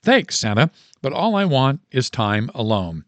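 A man's voice: mid-range voice, sing-song, measured pace, no room sound. A man reading a poem aloud and voicing a tired, exasperated mother who mutters her lines. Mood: impatient. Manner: exasperated, muttering storybook delivery. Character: weary, frazzled mother, tired but loving.

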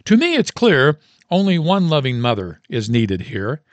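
Man reading old Santa, kindly and wise, lively sing-song delivery, dry sound. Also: unhurried, no echo. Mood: coaxing. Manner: cheerful storybook voice, higher than usual.

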